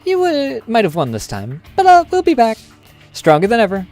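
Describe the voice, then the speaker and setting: A streamer voicing a defeated female villain henchman in a high, squeaky, defiant voice while reading game dialogue. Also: wildly swooping pitch, moderate pace, a little mellow, soft background music.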